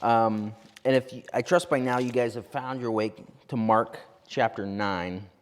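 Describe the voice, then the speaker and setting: Male pastor, sermon, animated storyteller, quick asides, mid pitch, reverb of a church hall. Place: church sanctuary.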